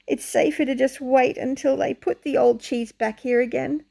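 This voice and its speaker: A woman voicing a stubborn, angry little man who refuses to accept change, shouting in outrage in a children's storybook reading. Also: sits high, steady tone, moderate pace, vocal fry, heavily acted.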